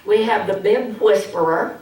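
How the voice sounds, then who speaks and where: A woman's voice: medium pitch, a little slow, darkish tone. A woman giving a public speaking training talk, playful and full of uh fillers, acting out bad habits. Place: large hall. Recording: echoey hall from far off.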